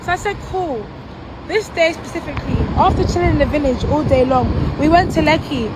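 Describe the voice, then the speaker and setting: High-voiced British woman telling a story. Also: fairly quick. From United Kingdom. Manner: animated, laughing, dramatic storytelling. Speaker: vlogger. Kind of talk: storytelling vlog. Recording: noisy street background with traffic.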